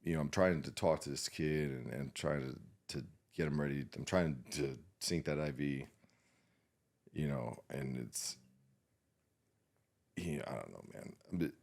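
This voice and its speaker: A man, a veteran guest on a podcast, telling an emotional personal story in a halting, subdued way, with many restarts and fillers and frequent swearing. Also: extremely low pitch, gravelly, a little mellow.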